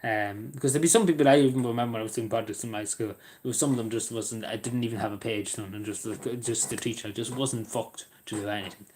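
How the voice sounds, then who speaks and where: A man's voice: lowish voice, fairly even intonation, fast talker, hardly any pauses, darkish tone. A young Irish man chatting casually on a live stream, rambling with stumbling restarts and talking to viewers by name. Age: young adult. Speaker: live streamer reading chat.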